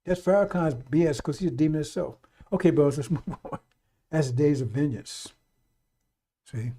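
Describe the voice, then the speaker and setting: A man preaching on a live radio stream, urgent and repetitive, blunt and profane, calling out to brothers and sisters and swinging from loud exhortation to low muttering. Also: moderate pace, husky.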